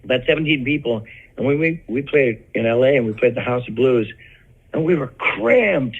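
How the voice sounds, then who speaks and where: Husky older man telling road stories. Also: mid-range voice, animated, moderate pace. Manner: rambling storyteller, many restarts and laughs. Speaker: rock vocalist, interview guest. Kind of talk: casual anecdotal chat. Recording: dull lo-fi audio.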